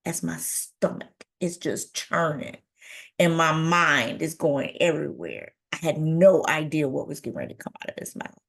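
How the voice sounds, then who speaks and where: A woman giving a keynote talk, telling a personal story in an animated way and acting out the dialogue. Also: deep voice, moderate pace, creaky. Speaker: keynote speaker.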